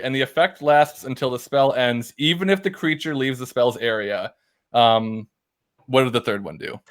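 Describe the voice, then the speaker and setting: A player with a medium-pitched voice at normal speed talks out his move during a relaxed tabletop game. He is hesitant, with lots of ums while he decides.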